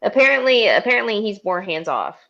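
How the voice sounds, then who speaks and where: A woman chats on a podcast in a mid-pitched voice, swearing freely and laughing often. Her talk wanders and she corrects herself as she goes. The recording sounds slightly muffled and lo-fi. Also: big pitch swings, brisk, vocal fry, fairly bright tone. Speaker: podcast co-host. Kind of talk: casual chat.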